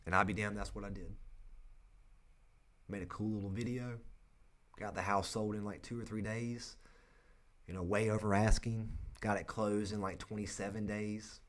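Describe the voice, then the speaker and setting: A young man with a North Carolina accent, a real estate agent telling a personal story in an earnest, halting way. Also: lowish voice, steady tone. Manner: earnest, emotional, halting with frequent restarts.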